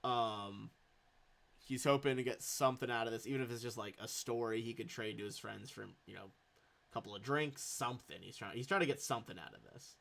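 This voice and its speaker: A man's voice: mid-range voice, brisk, creaky, fairly bright tone. A man running a tabletop game as game master, narrating loosely with a lot of swearing. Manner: loose, swears, lots of fillers.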